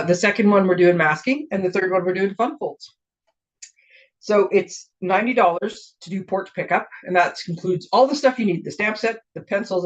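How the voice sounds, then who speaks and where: A woman demonstrating papercraft products in a casual show-and-tell, chatty and gushing, with rambling asides. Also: lowish voice. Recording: dull lo-fi recording.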